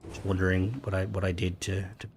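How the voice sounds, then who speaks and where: Talking fast with vocal fry, a young man with an Irish accent streams a game, reading out comments, joking, and cursing in a casual way. His pitch moves little, though it jumps high when he gets worked up, and there's a slight hiss or hum on the audio.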